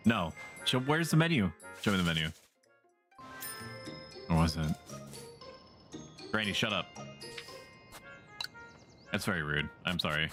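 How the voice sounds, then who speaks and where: A man's voice: low voice, expressive, a little slow, long pauses, a bit bright. Rambling, joking male streamer. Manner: rambling, joking, swears casually. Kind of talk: casual gameplay commentary. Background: game music.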